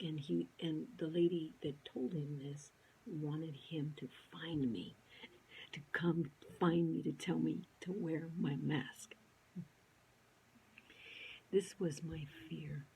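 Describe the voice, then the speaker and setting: Female vlogger, low and mellow, animated storyteller who often drops to a whisper. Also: slow, vocal fry, slight background noise, poor audio. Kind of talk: personal storytelling monologue.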